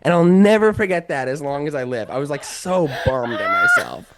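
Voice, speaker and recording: A man's voice: fairly high pitch, animated, brisk, very noisy. A man guest on a casual podcast, telling a story in a rambling way, full of "like" and restarts. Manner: rambling, heavy use of "like", many restarts.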